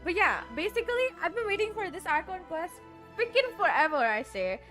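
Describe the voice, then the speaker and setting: A woman's voice: very high-pitched, big pitch swings, fairly quick, over music. A woman streamer chatting casually while playing a game, bubbly and rambling, with giggles and restarts. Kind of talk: casual let's-play chatter.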